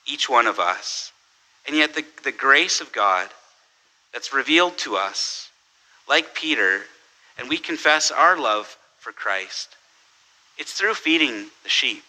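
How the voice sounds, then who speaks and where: A man with a very bright, forceful voice delivers a sermon in a relaxed, chatty manner. He repeats words, corrects himself mid-sentence and keeps asking the listeners "right?". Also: medium pitch, poor audio. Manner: conversational, self-correcting, tells jokes with quoted voices. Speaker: pastor. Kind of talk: sermon with humorous story.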